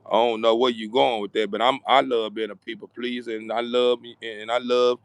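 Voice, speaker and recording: A man with a mid-range, smooth voice and little pitch movement speaks at normal speed in a dry recording. Addressing his channel's audience, he gives a casual, rambling motivational talk, repeating words and constantly asking "you know what I'm saying".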